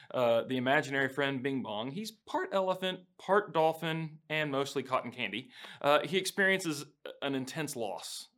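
A man's voice: medium pitch, fairly bright tone. A man speaking to an online audience and casually retelling a film scene. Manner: casual, storytelling with acted-out quotes.

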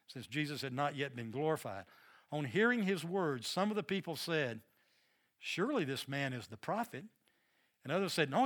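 A man's voice: a little high, fairly bright tone. A middle-aged man with a Southern American accent, teaching a Bible study lesson in an earnest, emphatic way and often repeating words.

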